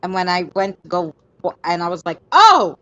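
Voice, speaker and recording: A woman's voice: on the low side, flat delivery, a little fast, no room sound, highs cut off. A woman telling stories in a casual group chat, chatty and acting out voices in her anecdotes. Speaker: guest paranormal video maker.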